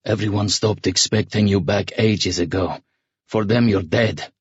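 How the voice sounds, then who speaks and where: A man voicing a gentle but insistent male colonel in an audiobook, coaxing and earnest. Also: fairly low pitch, unhurried, slightly rough, no room sound, muffled recording. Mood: persuasive.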